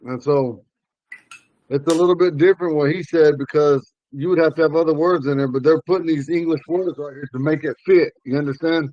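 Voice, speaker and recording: A man teaching a language class, explaining word meanings slowly and repeating key phrases. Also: a little high, fairly even intonation, darkish tone, dry recording, muffled recording.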